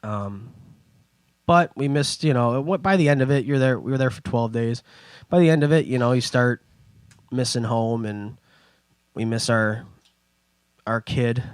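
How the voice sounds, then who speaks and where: A man's voice: mid-range voice, smooth, dry recording. A young man casually telling rambling travel stories on a podcast, acting out other people's voices as he goes. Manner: rambling, animated storytelling with put-on voices. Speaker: podcast host. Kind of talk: casual storytelling.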